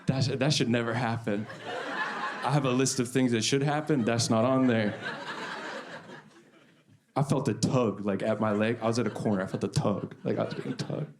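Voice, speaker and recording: A man doing a stand-up set on a club stage, deadpan and self-deprecating, repeating lines for effect. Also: mid-range voice, normal speed, long pauses, a little hiss or hum. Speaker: stand-up comedian. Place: comedy club stage before a live audience. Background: audience laughter.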